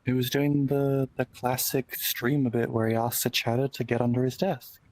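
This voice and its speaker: A man's voice: medium pitch, steady tone, normal speed, a little mellow. A man joining a live stream, making offhand, dry comments to the streamer. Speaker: guest on the stream call.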